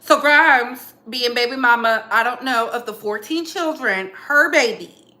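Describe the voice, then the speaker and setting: High bright-voiced woman spilling celeb tea, sassy, echoey room. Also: unhurried. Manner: sassy, emphatic, repeats lines for effect. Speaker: commentary channel host. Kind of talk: casual celebrity gossip commentary.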